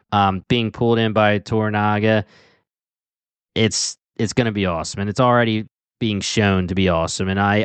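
A man's voice: on the low side, clean tone, no echo. A man with a Delaware County accent co-hosting a podcast in casual chat, enthusiastic and rambling with restarts. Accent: Delaware County, Philadelphia area. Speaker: podcast co-host.

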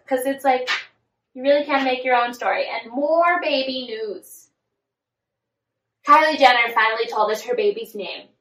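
A woman's voice: sits high, sharp tone. Chatty woman gossiping in an echoey room. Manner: chatty, many "like" fillers. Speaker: podcast co-host. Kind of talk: casual celebrity gossip chat. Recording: echoey room, far from mic.

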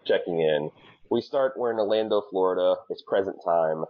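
Low-voiced male podcast co-host, animated and jokey, muffled recording. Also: a little fast. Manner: animated, stammering restarts, jokey. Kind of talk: casual recap chat.

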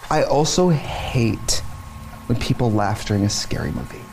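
A young man, a drag performer, co-hosting a casual comedy chat with quick, deadpan asides. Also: medium pitch, vocal fry, background noise. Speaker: co-host.

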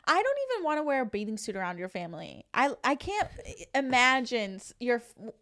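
A woman co-hosting a podcast, giggly and animated in casual banter. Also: on the high side, fairly quick. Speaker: podcast co-host.

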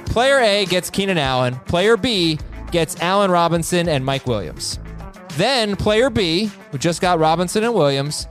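A man hosts a chatty podcast, reading listener emails aloud. His voice sits a bit high and swings widely in pitch. He jokes and laughs as he reads, with soft music playing underneath. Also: a little slow. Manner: animated, joking, laughs while reading. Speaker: podcast host.

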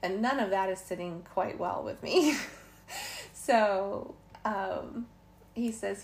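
Speaking slowly with a fairly high pitch and lively intonation, a woman vlogger recounts a travel story in relaxed, chatty fashion. She laughs occasionally and quotes other people in passing; faint background noise is audible.

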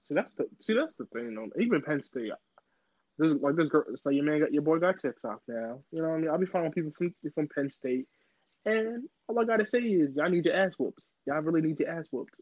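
A young man in casual chat, joking and mimicking apps and people with sudden high squeals. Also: big pitch swings, fairly quick, dry recording, highs cut off. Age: young adult.

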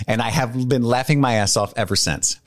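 A man's voice: mid-range voice, fairly quick, dry recording, clean studio sound. A man co-hosting a podcast, casually reading listener emails aloud and chatting in a laid-back way, with easy swearing and earnest moments. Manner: sincere and earnest when speaking from the heart. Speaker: podcast co-host.

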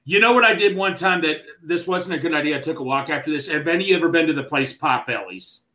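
Male podcast co-host, slightly high, bright tone, crude banter, roomy echo. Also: animated, fast. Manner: crude, joking storyteller. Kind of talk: casual chat. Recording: echoey room.

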